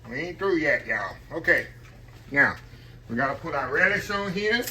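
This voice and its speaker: Middle-aged man, animated sing-song talk, bright voice, cooking vlog, faint clatter of pans behind. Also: a little high, normal speed, a little hiss or hum. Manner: folksy, chatty, talks straight to viewers as y'all. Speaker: cooking vlogger. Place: home kitchen.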